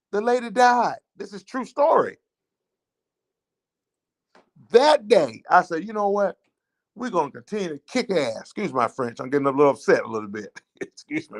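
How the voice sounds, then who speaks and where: Southern man host, fairly high voice, impassioned repetitive storyteller. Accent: Southern American. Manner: emotional, repetitive storytelling with rising indignation. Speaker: teachers' association advocate hosting a show. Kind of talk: impassioned spoken monologue.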